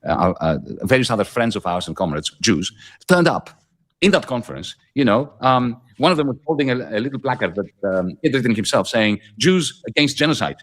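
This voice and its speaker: Man in a played clip, lively rising and falling pitch, earnest, lots of fillers. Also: a little fast. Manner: earnest, searching for words with frequent fillers.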